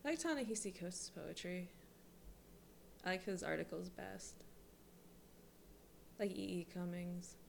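A woman's voice: on the low side, expressive, measured pace, vocal fry, long pauses, a little mellow, a little hiss or hum. A young woman chatting casually with friends, hesitant and full of fillers. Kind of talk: casual chat.

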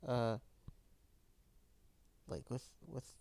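A man's voice: medium pitch, flat delivery, very slow, gravelly, a little mellow. A tired man in his late twenties co-hosting a podcast, chatting casually with rambling, profane venting. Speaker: podcast co-host. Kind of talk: casual chat.

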